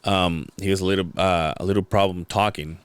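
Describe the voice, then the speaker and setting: Low-voiced man telling a rambling story. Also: steady tone, brisk, clear, resonant tone, no echo. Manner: rambling storytelling with many restarts. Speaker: podcast host. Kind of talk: casual podcast chat.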